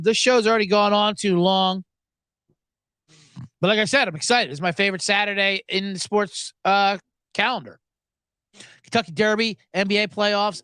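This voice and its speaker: Host, male, high and animated, rambling and profane, dry close sound. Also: no echo. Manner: rambling, profane and self-interrupting. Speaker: sports betting podcast host. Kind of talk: comedic solo sports-gambling monologue.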